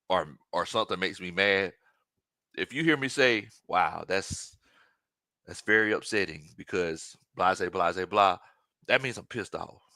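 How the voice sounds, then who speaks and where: Man, sports talk host, animated and joking, bright voice, dry close sound. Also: deep voice, no room sound. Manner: animated, joking, mimics players in quoted asides. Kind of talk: casual sports talk with mock impressions.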